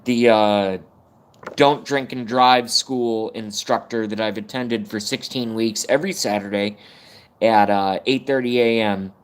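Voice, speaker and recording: A man's voice: mid-range voice, a little slow, clear, resonant tone. A man hosting his own live stream, talking in a blunt, profane, rambling monologue and holding back tears at times. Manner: profane, blunt and swings between energy and fighting tears. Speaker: YouTube livestream host.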